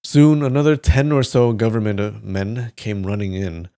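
Low-voiced man reading a story aloud. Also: normal speed, dark tone. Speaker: live reader.

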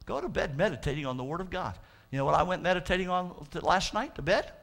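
High gravelly preacher man. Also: lively intonation, a bit bright. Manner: fervent preaching, drawn-out emphatic quotes. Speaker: pastor. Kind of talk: sermon.

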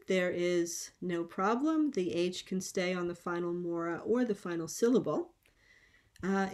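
Woman lecturer, mid-range voice, measured and explanatory, pauses with ums, video-call talk. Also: mid-range voice, darkish tone. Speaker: linguistics lecturer. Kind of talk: academic conference talk.

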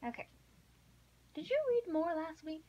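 A woman co-hosting a read-along podcast, chatting casually and then reading a novel aloud in a measured, expressive way. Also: extremely high pitch, highs cut off.

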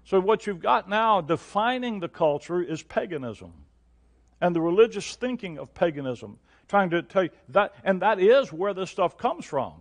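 An older man preaching an emphatic sermon as pastor, his delivery rising to loud, forceful peaks. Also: high-pitched, sing-song, normal speed.

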